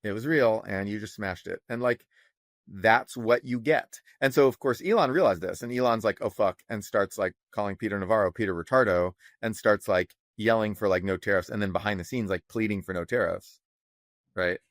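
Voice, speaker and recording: A man with a lowish voice rants on a podcast, animated and sarcastic, with plenty of swearing and mocking voices for the people he quotes. The sound is close and dry, with no room around it. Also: a little fast, no echo. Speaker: podcast co-host, economist. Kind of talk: casual opinionated chat.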